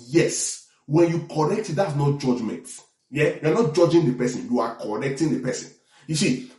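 Animated male preacher, echoey room. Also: on the high side, far from the mic. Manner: animated preaching with call-and-response asides. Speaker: pastor. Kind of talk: sermon.

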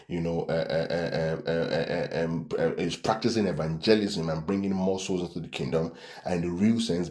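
A man's voice: sits low, a little mellow, echoey room. A man preaching a Bible-study sermon to a church class, reading scripture aloud and repeatedly checking in with "right?".

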